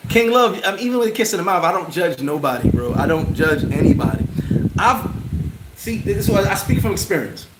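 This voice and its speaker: A high-voiced man is hosting a casual livestream from a bar, briskly answering chat comments with lots of slang and animation and laughing often. The space is roomy, and loud noise fills the background.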